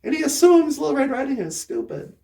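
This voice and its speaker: A woman's voice: high voice, big pitch swings, fast talker, creaky, mellow. A woman hosting a show, telling a children's story in a rambling way with sarcastic asides. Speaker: host. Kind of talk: comic storytelling.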